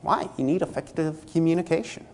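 A man's voice: a little high, a little fast. Man preaching a casual, story-driven sermon. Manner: conversational, acts out dialogue in anecdotes.

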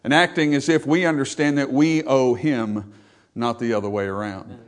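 A male pastor preaching a sermon, emphatic, asking the congregation rhetorical questions and building up loudly as he quotes scripture. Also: mid-range voice, fairly even intonation, normal speed.

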